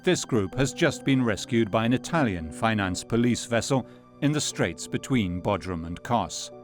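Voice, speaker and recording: Male documentary narrator, fairly low voice, sober measured read. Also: expressive, faint music behind. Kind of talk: scripted narration.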